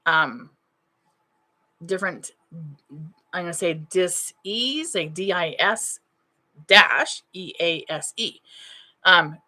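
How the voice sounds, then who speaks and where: Bright-voiced woman giving emphatic advice. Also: medium pitch. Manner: emphatic, repeats key phrases for effect. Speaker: spiritual medium and teacher. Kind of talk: casual advice talk to an online audience.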